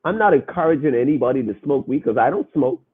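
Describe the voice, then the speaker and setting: Husky young man on a thin, phone-like line. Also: mid-range voice, lively intonation, quick pace. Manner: earnest and emphatic, speaking informally. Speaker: podcast host. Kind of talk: casual live podcast talk. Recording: narrow phone-like sound.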